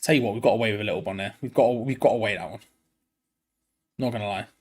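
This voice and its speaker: A young man doing live fan commentary on a match, excitable and groaning in frustration. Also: fairly low pitch, quick pace, slightly rough. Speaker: fan watch-along host.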